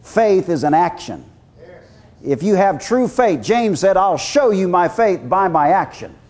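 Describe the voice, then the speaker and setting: A man preaching a sermon, telling stories in an animated way and acting out the voices. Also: sits high, unhurried. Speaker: guest preacher.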